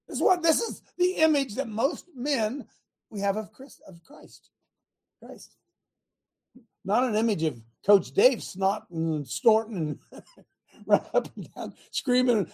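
Fiery husky-voiced man hosting a talk show. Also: very high-pitched, normal speed. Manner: provocative and animated, bursts of loud emphasis. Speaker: host of a Christian talk show. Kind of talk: fiery preaching-style talk show monologue.

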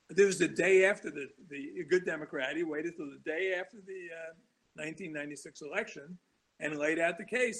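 A man talks as a guest on a talk show, spinning long anecdotes that wander, restart and break into chuckles. His voice is gravelly and husky, pitched a bit high for a man. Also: a bit bright, rough recording. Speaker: author guest. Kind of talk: casual storytelling interview.

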